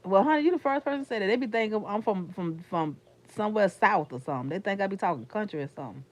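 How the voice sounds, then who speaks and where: A woman's voice: mid-range voice, expressive, quick pace. A woman from Florida with a Florida accent, chatting casually with viewers in a livestream, rambling and calling them honey and sugar. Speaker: YouTuber talking to her live chat.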